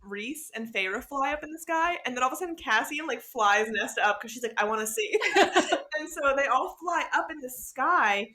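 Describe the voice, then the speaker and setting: A young woman co-hosts a casual podcast, recapping a story with lively quoted voices and frequent laughter. Her voice sits fairly high and sounds bright and forward. She talks in an easygoing conversational way. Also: normal speed. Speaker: podcast co-host. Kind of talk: casual book-discussion chat.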